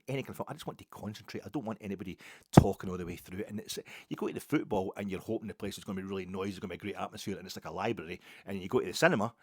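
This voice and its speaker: A man's voice: deep voice, husky, no room sound, clean studio sound. A man with a Glaswegian Scottish accent, hosting a football podcast and telling rambling, self-mocking stories in casual chat. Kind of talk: casual monologue.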